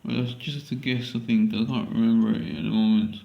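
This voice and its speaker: A man's voice: fairly low pitch, steady tone, quick pace, vocal fry, reverberant, dull audio. A man with a London accent recording a casual audition at home, hesitant and repeating himself as he muses aloud.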